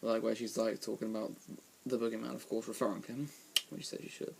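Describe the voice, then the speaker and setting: A man's voice: lowish voice, little pitch movement, quick pace, vocal fry, noisy background. A man giving a casual spoken film review from a room at home, rambling with lots of ums and restarts.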